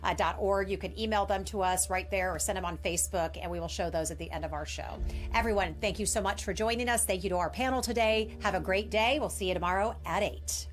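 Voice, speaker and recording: A woman's voice: mid-range voice, fast, faint music behind. Upbeat woman hosting a medical show. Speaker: show host.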